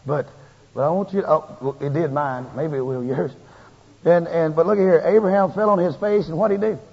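A man preaching a sermon in a folksy, animated way, his emphasis rising and building as he goes. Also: fairly high pitch, brisk, gravelly, slightly rough. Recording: lo-fi tape with long hall reverb.

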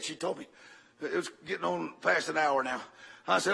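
An older man preaching a sermon, telling a story dramatically and swinging from loud bursts to hushed tones. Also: on the high side, expressive, normal speed, creaky, breathy edge.

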